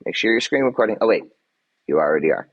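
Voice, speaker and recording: A man's voice: fairly low pitch, lively intonation, fast talker, husky, dull audio. An agitated man on a livestream answering his chat, defensive and swearing, repeating himself as he vents. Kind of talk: livestream rant.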